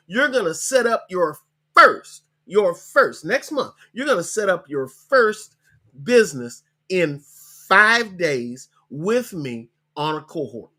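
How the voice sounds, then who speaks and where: A man with a slightly raised voice hosts a live online coaching session. He talks in a loose, conversational way, slowing right down whenever he spells out a web address. He ends many of his points with "okay?". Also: high voice, sharp tone, slightly rough. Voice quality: hiccups. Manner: chatty, repeats web links slowly, tags lines with okay. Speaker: podcast host.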